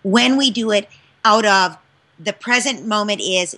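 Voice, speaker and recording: Bright-voiced woman explaining parenting stuff, emphatic and expressive. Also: medium pitch, unhurried. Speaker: parenting expert guest. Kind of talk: interview answers.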